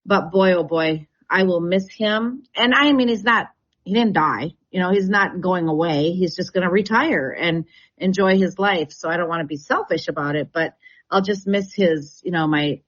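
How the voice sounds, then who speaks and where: A woman's voice: fairly low pitch, normal speed, fairly bright tone. A woman, chatting and telling stories as a radio guest, laughing often. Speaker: real estate agent and radio show guest. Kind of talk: casual radio chat. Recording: dull radio broadcast sound.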